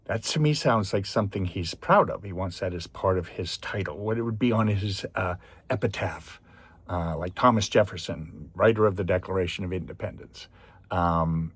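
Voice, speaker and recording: A man's voice: low voice, husky, no room sound. A man giving a chatty, digressive film review in which he animatedly retells the story. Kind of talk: casual spoken review.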